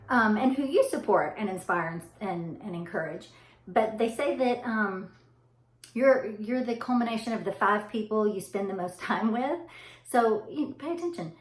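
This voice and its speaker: A middle-aged woman with a Southern US accent, chatting casually to her viewers in a rambling, friendly way. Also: medium pitch. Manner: chatty, rambling, says y'all. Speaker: vlogger. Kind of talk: casual chat to camera. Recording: echoey room.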